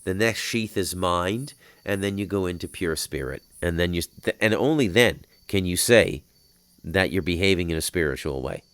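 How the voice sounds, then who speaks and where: On a dry recording, a podcast host with a low-pitched voice and lively intonation speaks at a moderate pace. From an outdoor patio he delivers a rambling spiritual monologue, heavy with swearing, that keeps flaring into heated shouting.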